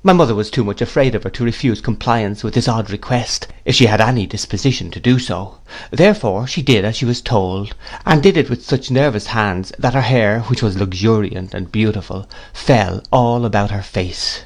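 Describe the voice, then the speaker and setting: A man narrating a classic novel in a measured, unhurried storytelling manner. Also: fairly low pitch. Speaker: audiobook narrator.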